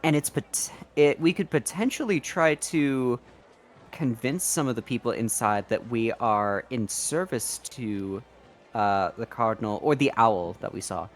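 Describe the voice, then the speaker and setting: A man's voice: mid-range voice, expressive, a little slow. Man playing a tabletop game. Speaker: player.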